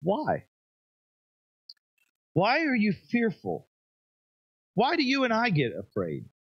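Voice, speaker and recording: A man preaching an evening sermon, emphatic, pushing his voice up high for stress and dropping it low and quiet. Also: no echo, dull audio. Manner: emphatic, rises and drops sharply for effect. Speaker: pastor.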